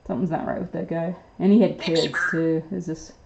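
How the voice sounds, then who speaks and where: A woman's voice: low voice, fairly even intonation, brisk, gravelly, a little mellow, poor audio. A woman host casually telling a long story on a livestream, rambling with many fillers and restarts. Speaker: pet bird channel host.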